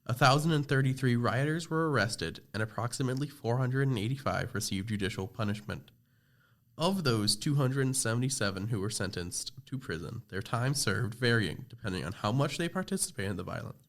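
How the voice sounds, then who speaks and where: Teen boy, student presenter, scripted narration, steady read, small slips. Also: medium pitch, brisk. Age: teens. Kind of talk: scripted narration for a school project podcast.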